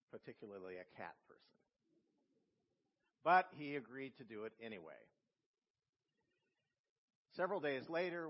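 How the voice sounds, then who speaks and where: A male pastor giving a sermon, telling a story with slow, emphatic phrasing. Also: medium pitch. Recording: long reverb in a church hall, dull lo-fi sound.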